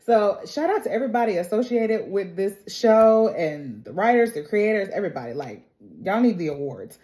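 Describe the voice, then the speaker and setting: A woman's voice: mid-range voice, expressive, normal speed, warm tone. A woman talking to camera in a casual, emotional recap of a TV drama episode, chatty, with frequent "like" and "y'all". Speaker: TV episode reviewer.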